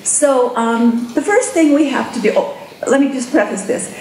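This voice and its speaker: Higher-voiced woman telling a keynote story. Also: normal speed, slight background noise. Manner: animated storyteller who acts out inner voices. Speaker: keynote speaker. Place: conference room with an audience. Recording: echoey room with faint ambience.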